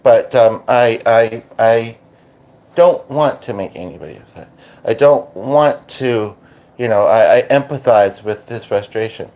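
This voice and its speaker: A Canadian man talks through a casual channeling session on his podcast. His speech stops and restarts often, padded with fillers. His pitch is an ordinary middle for a man. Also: a little slow, darkish tone, lo-fi sound. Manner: hesitant, full of restarts and fillers. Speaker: podcaster and medium.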